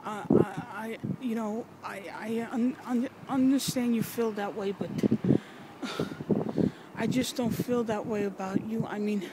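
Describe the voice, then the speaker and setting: A woman recording an emotional personal video message, halting, sighing and swearing as she nears tears. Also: on the high side. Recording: noisy background with vehicles.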